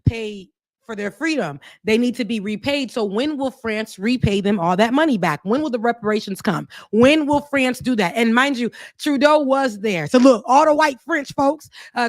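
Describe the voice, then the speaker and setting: A woman of Haitian background co-hosting a podcast, animated and opinionated, sometimes mocking. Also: a little high, no room sound, studio quality. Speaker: podcast co-host. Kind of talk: casual opinion talk.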